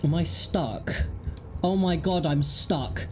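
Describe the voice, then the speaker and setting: A young woman with a low-pitched voice takes her time while streaming a horror game. Her commentary is casual and playful, full of self-directed jokes and out-loud reactions, with faint game music in the background.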